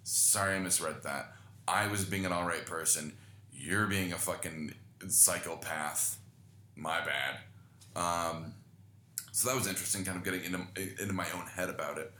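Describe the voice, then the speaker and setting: A man's voice: low-pitched, normal speed, bright, forceful tone, roomy sound, a little hiss or hum. A young man hosting a podcast, telling rambling, self-deprecating stories with lots of swearing in casual chat. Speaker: podcast host. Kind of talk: casual storytelling monologue.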